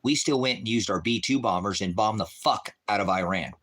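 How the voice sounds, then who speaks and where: A middle-aged man, a veteran hosting a ministry livestream, ranting with heavy profanity and shouting down viewers in the chat. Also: lowish voice, fairly quick. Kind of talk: angry livestream rant.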